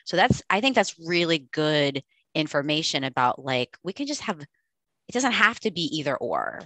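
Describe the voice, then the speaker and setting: A woman's voice: sits low, sing-song, moderate pace, a bit bright, dry recording. A woman hosting a podcast interview, responding in an enthusiastic, affirming way. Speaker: podcast host.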